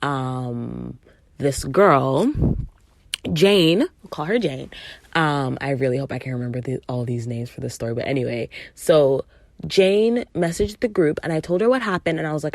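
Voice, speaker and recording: A woman's voice: rumbling low, moderate pace, creaky, no room sound. A young adult woman hosting a podcast, telling a story in a casual, emphatic way, swearing freely and acting out what people said. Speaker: podcast host.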